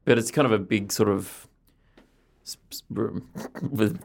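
Gravelly, halting low-voiced man. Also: darkish tone. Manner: hesitant, halting, many restarts. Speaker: podcast co-host. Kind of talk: casual chat.

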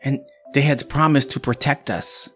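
A man's voice: mid-range voice, fairly even intonation, normal speed, a bit bright, soft background music, pitched above the performer's own voice, natural voice. A man voicing a bitter, grim character in a tabletop game, in a voice close to his own.

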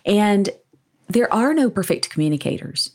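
A woman's voice: medium pitch, sing-song, moderate pace, a little mellow. A woman author and communication coach answering interview questions in an upbeat, explanatory way, often adding tag questions.

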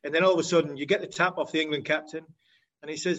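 A former cricketer hosting casual chat, asking easy, direct questions. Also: male voice, on the high side, steady tone, fast, fairly bright tone, dull audio. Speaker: former cricketer, podcast host.

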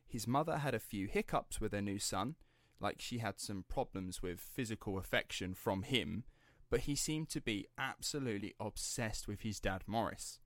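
A man's voice: on the low side, expressive, normal speed, few pauses, dry recording, studio quality. A young man hosting a casual true-crime podcast, chatty and rambling, swearing and laughing easily as he tells the story. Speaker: podcast host telling the story.

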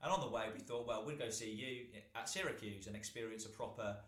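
A man's voice: lowish voice, fast. A British man in his twenties, co-hosting a podcast and telling a long story in a rambling way with frequent laughter. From Britain. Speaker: podcast co-host. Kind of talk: casual chat, anecdote telling. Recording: roomy echo.

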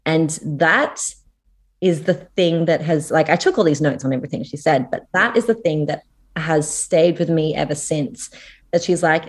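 A young Australian woman talks casually on a podcast. Her voice sits a little low for a woman, and she tells her stories in an animated way, acting out everyone's lines as she goes. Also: moderate pace. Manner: animated storyteller acting out quotes. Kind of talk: casual chat.

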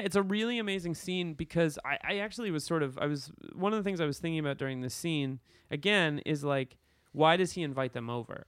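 Guy co-hosting a podcast, smooth voice, dry close sound, jokey and excited. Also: fairly high pitch, dry recording. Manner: excited, joking, quick banter. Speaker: podcast co-host. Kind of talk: casual film discussion.

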